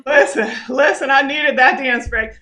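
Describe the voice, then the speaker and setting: A woman's voice: high-pitched, unhurried, background noise. A woman co-hosting an online celebration over a video call, exuberant and laughing. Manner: exuberant, laughing, hype chant calls. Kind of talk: lively casual livestream hosting.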